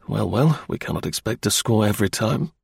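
A man voicing a brisk, dry-witted middle-aged detective in a crisp, measured and confident manner. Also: fairly low pitch, animated, no echo, full character voice.

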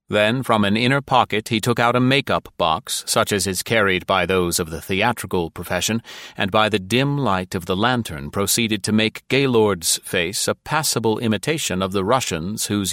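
Man, audiobook narrator, deep voice, measured, dry close recording. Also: a bit bright, no echo. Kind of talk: scripted narration.

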